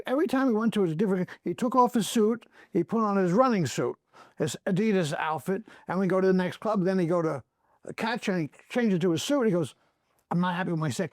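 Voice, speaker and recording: A man's voice: sits high, dry recording, clean studio sound. A man, a comedy club owner and podcast guest, telling stories and acting out the other people in them. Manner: animated storyteller acting out other people's lines. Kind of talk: anecdotal storytelling on a podcast.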